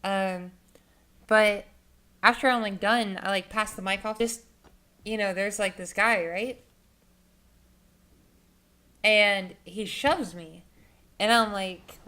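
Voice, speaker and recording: A woman's voice: medium pitch, steady tone, measured pace, pauses often, bright, forceful tone, clear, resonant tone. Young woman rambling through a story. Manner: rambling, profane, heavy filler words. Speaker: vlogger. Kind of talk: casual storytelling.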